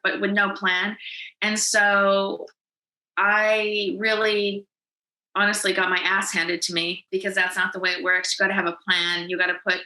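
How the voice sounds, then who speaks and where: A woman in her forties from Canada, a podcast guest telling her life story in lively, animated fashion, acting out what she said back then. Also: mid-range voice, reverberant, rough recording. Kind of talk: storytelling in a casual interview.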